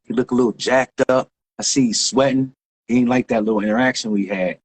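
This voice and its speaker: A man, a graffiti writer guest telling a story in lively street slang with sound effects. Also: medium pitch, a little fast, husky. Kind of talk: animated storytelling.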